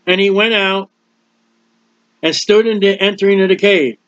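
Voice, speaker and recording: A man's voice: high-pitched, fairly even intonation, moderate pace, a bit bright, no room sound. A man preaching a sermon, explaining scripture plainly and reading out the verses in turn. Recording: dull dry lo-fi recording.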